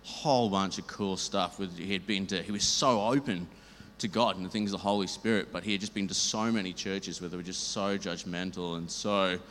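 A man tells a church testimony in a deep, low voice, rambling as he acts out both sides of the conversation. His voice rings in a reverberant hall with a faint noise floor. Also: a little fast. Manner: rambling, animated, acts out dialogue. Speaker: church member sharing a testimony. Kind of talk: storytelling testimony.

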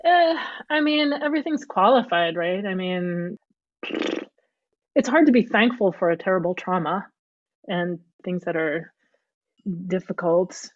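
Woman guest thinking out loud, lots of restarts, dry slightly muffled audio. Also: fairly low pitch, animated, unhurried, no echo. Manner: thoughtful, searching, frequent restarts. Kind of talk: reflective conversation.

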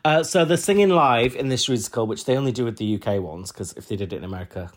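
A man's voice: medium pitch, lively intonation, fast. Chatty young man. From United Kingdom. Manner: chatty, rambling, laughs often. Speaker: podcast co-host. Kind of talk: casual chat.

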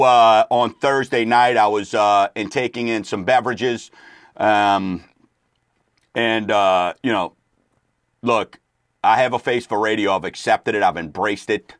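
A middle-aged man talks on a radio show in an easygoing, meandering way, stringing thoughts together with plenty of fillers. His voice sits at an ordinary pitch for a man. The sound is dry and close, with no room around it. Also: unhurried, a bit bright, no echo. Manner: rambling, laid-back, lots of fillers. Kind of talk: casual chat.

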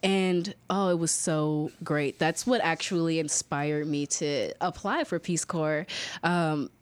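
A woman's voice: low voice, takes it slowly, clear, resonant tone, no room sound. A young woman, a guest in an interview, talking casually with lots of fillers and acted-out quotes. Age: young adult. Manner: animated storyteller, many fillers, acts out quoted voices.

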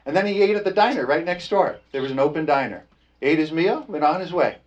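A man's voice: on the high side, animated, fast, highs cut off. A man preaching a storytelling sermon in a folksy, laughing way, often tossing "amen?" to the congregation.

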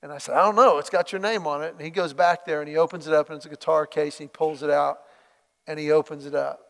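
A man preaching a sermon, telling a story with lively acted-out dialogue. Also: fairly high pitch, fast talker, gravelly, big-room sound. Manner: animated storytelling, acts out quoted dialogue.

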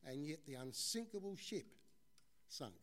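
A man's voice: a little high, very animated, measured pace, a bit bright. Man preaching a conversational sermon. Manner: conversational, addresses the congregation as folks, tells stories.

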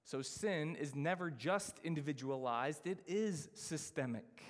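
A man preaching a sermon as pastor, emphatic, slowing down to stress key phrases. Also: fairly high pitch, long reverb tail.

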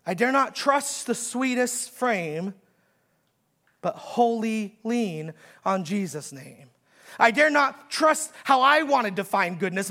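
Passionate preacher man, bright raspy voice. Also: high-pitched. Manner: swings from slow hushed lines to loud, fast preaching; repeats words, stammers on restarts. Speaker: pastor. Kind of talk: sermon.

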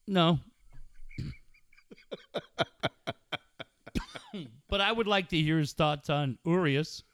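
A man's voice: a little high, very slow, fairly bright tone, clean tone, no room sound. A man hosting a sports radio show in a studio, talking bluntly and joking with plenty of swearing. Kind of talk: casual radio chat.

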